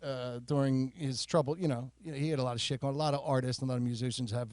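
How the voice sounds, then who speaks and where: A man co-hosting a casual podcast, chatty and jokey, sharing trivia in a relaxed way. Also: mid-range voice, rapid-fire, dry recording. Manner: chatty, jokey, shares trivia, frequent fillers. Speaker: podcast co-host. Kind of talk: casual chat.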